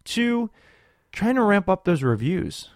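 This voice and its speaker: Chatty, animated podcast host man. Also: high-pitched, slow pace, no echo, clean studio sound. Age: 30s. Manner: chatty, animated, self-joking. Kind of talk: casual podcast intro.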